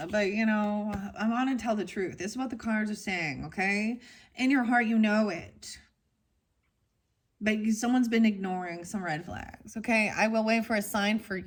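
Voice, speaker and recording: A woman's voice: mid-range voice, a little hiss or hum. A woman giving a casual tarot reading to her viewers, rambling and frank, going off on tangents. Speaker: tarot reader.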